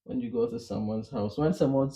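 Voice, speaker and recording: A woman's voice: a bass voice, fairly quick, mellow. A woman from the Caribbean in casual group chat, talking with laughter running through her stories.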